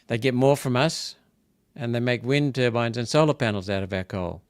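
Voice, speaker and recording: A man's voice: mid-range voice, normal speed, clean tone, no room sound, clean studio sound. A man hosting a live political commentary, talking casually and repeating himself as he grows indignant and emphatic. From Australia. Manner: indignant, repetitive, rising to emphatic outbursts. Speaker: senator hosting a political wrap-up.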